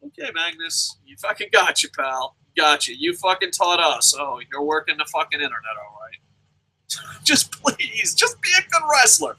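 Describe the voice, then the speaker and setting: A man's voice: fairly high pitch, big pitch swings, moderate pace, pushed and bright, breathy edge, poor audio. A young adult man ranting through a profane wrestling review, swearing nonstop and mocking the people he talks about. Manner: swears constantly, rants, mimics people mockingly.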